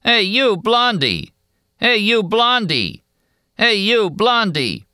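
A man reading an audiobook, voicing a jeering loafer on a dock in a high, tired voice. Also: sing-song, slow, bright, forceful tone, no echo, clean studio sound, exaggerated voice. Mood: taunting.

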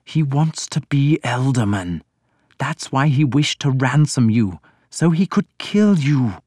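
A man playing a nervous, hushed priest. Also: mid-range voice, animated, slow, no room sound, studio quality, pitched above the performer's own voice. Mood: anxious hushed. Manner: hushed, anxious.

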